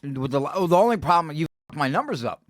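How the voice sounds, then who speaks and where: A man's voice: fairly high pitch, sing-song, fast talker, no room sound, studio quality. A man guesting on a comedy podcast, ribbing the host and swearing in casual chat. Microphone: podcast studio mic.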